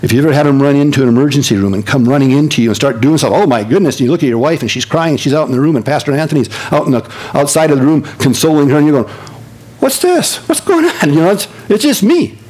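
An older man preaching a sermon as pastor, telling stories with lively swings from excited high tones to low hushed earnestness. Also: very fast, few pauses, slightly rough, rough recording.

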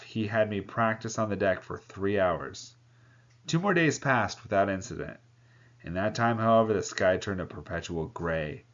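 A man reading a novel aloud, voicing the characters and breaking off now and then to comment. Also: lowish voice. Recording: dull lo-fi sound.

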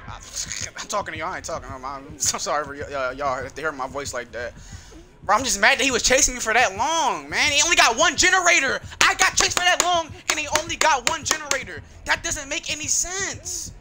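A man giving excitable gameplay commentary, yelling and complaining in slangy talk. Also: very high-pitched, fairly quick, noisy background. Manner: slangy, frequent "bro". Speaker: gamer.

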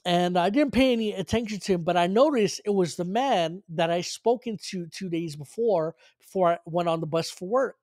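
A man's voice: high voice, moderate pace, darkish tone, no echo, clean studio sound. A man preaching, earnestly telling a personal faith story with frequent restarts and fillers. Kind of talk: sermon testimony storytelling.

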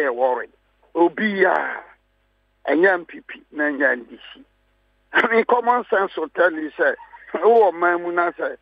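Husky Ghanaian man making emphatic points. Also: a little high, dry recording. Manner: emphatic, repeats key phrases. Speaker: political guest. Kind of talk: heated radio panel talk. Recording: muffled dry studio sound.

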